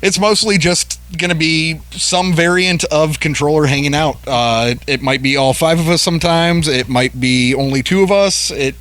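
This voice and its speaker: A man's voice: a little high, moderate pace, hardly any pauses, a bit bright. A man co-hosting a casual band podcast, chatting with bandmates and laughing often. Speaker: guitarist and podcast co-host.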